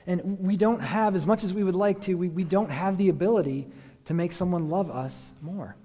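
A pastor with a slightly rough voice, a little high for a man, preaches at a moderate pace. His sermon is casual and conversational, loaded with "like," "um," and rhetorical questions. A long reverb follows each phrase, as if in a big hall.

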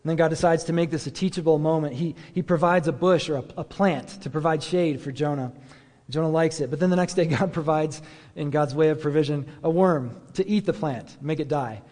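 A pastor gives a relaxed, conversational sermon, with a lot of "like" and "um" and questions put to his listeners. His voice sits a little high for a man. A long reverb trails after each phrase, as if he were speaking in a big hall. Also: fairly quick. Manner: casual, many fillers, rhetorical questions.

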